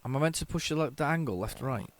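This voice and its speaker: A man hosting a retro gaming channel, giving chatty, excitable gameplay commentary with jokey, self-mocking asides to his viewers. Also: mid-range voice, fast, no echo. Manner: excitable, chatty, talks to viewers while playing.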